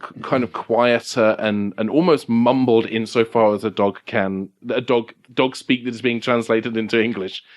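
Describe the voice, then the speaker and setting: A man narrating as game master of a tabletop game, halting and restarting as he describes scenes, recorded at a game café. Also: medium pitch, fairly even intonation.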